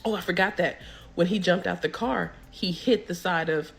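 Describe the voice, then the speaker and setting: A woman's voice: lowish voice, moderate pace, vocal fry, fairly bright tone. A young woman, telling a story casually and acting out the people she quotes.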